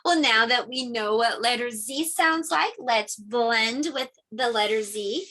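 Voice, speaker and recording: A woman's voice: on the high side, a little slow, sharp tone. A middle-aged woman teaching a preschool lesson to small children, encouraging and sing-song. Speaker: homeschool pre-K teacher.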